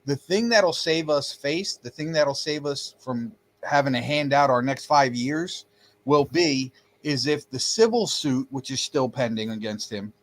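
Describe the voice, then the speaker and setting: Guy cohosting a sports podcast, mid-pitched, rambles and restarts a lot. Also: lively intonation, unhurried. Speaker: podcast co-host. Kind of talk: casual sports podcast chat.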